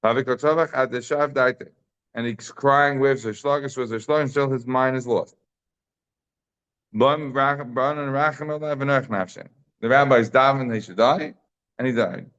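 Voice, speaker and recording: A man giving a casual Talmud class, telling the story with animated asides and Hebrew and Aramaic terms mixed into English. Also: medium pitch, normal speed, clear, resonant tone. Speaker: Talmud teacher. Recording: slightly dull lo-fi audio.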